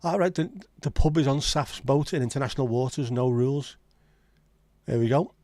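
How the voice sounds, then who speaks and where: A man with a Scouse accent hosts a relaxed livestream chat. His voice is mellow and warm, recorded close and dry. He talks in blunt, sweary banter as he reads and answers comments. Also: medium pitch, moderate pace, dry recording. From Liverpool, England. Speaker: livestream host. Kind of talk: casual chat reading live comments.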